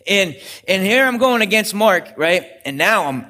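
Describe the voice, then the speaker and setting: A man's voice: high voice, sing-song, fairly quick, bright, forceful tone. Man, young adult pastor, sermon, earnest, storytelling, restarts often.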